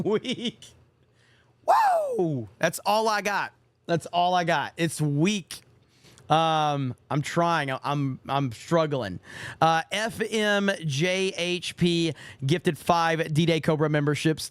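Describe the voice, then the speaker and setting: Hoarse man reading live chat. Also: fairly high pitch, no room sound. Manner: rambling, reads viewer messages aloud with quick asides. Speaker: livestream host.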